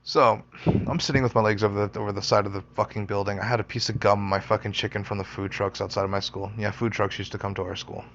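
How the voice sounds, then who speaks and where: Gravelly young man, rambling and profane. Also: fairly low pitch, flat delivery, quick pace, fairly bright tone, dull audio, a little hiss or hum. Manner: rambling, profane, self-interrupting. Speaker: storyteller, podcaster. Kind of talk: casual personal storytelling.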